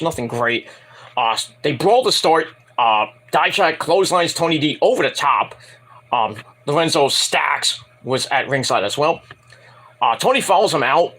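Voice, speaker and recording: A man rambling through a casual wrestling review, profane and opinionated. His voice is husky and sits a bit high for a man, and his pitch swings widely as he talks. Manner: animated, bursts into put-on voices.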